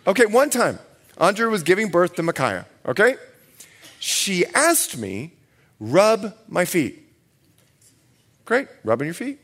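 High, lively preaching man. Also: normal speed. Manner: humorous storytelling, acting out quoted dialogue. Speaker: pastor. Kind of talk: sermon.

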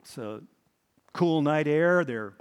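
A man's voice: a little high, animated, takes it slowly, smooth, big-room sound. A man preaching a sermon as pastor, telling the story dramatically and repeating his key points.

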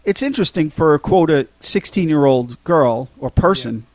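A man's voice: a little high, animated, normal speed, darkish tone, no room sound. A man co-hosting a podcast, casually recapping a film scene by scene, with lots of ums and restarts. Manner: rambling, many ums and restarts. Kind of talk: casual chat.

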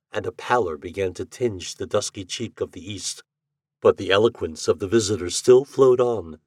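A man reading a story aloud as a guest, with a measured, expressive narration. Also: on the low side, husky, dry recording, studio quality. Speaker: guest reader.

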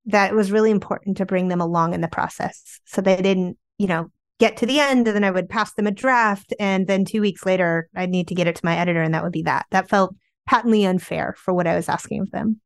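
A woman in an interview recounts family memories in a conversational, animated way, leaning on "like" as she goes. Her voice sits in an ordinary middle range. The sound is close and dry, with no room echo. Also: mid-range voice, quick pace. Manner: chatty, animated, peppered with "like". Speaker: memoir author guest. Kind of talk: candid storytelling interview.

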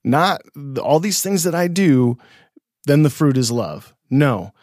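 A man's voice: fairly high pitch, lively intonation, measured pace, a little mellow, dry recording, studio quality. Reflective man co-hosting a faith podcast. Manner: reflective, laughs easily, restarts. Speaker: podcast co-host. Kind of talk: casual faith conversation.

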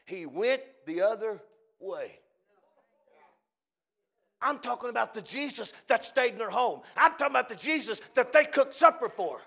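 A man preaching a fiery revival sermon, swinging between shouted lines and hushed, low, drawn-out phrases. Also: animated, gravelly.

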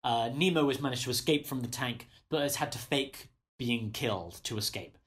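A man's voice: mid-range voice, moderate pace, a bit bright. A man co-hosting a casual film chat, agreeable and recapping the plot steadily. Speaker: podcast co-host.

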